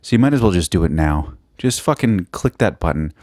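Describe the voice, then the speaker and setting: A man's voice: low-pitched, animated, fairly quick, darkish tone, no room sound. Young guy on his own podcast, cursing nonstop, jumping around, voice bouncing all over, dry close sound. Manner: sweary, self-mocking, jumps between topics. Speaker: podcast host. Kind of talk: profane solo podcast rambling.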